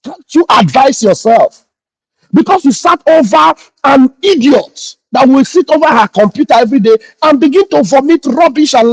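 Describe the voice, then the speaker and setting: Very high-voiced scolding man. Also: no room sound, poor audio. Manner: indignant, scolding, repeats phrases. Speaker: pastor and online host. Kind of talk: morning livestream address.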